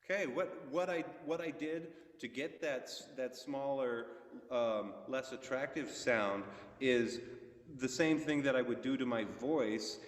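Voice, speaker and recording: Trombone teacher in a reverberant hall. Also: male voice, medium pitch, unhurried. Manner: relaxed, explanatory, with sung demonstrations. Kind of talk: masterclass instruction. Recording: echoey hall, far from mic.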